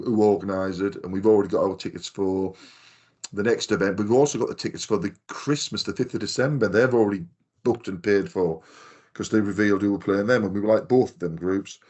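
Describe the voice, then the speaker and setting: Male podcast co-host, lowish voice, rambling anecdotal storyteller. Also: darkish tone, muffled recording. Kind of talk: casual chat.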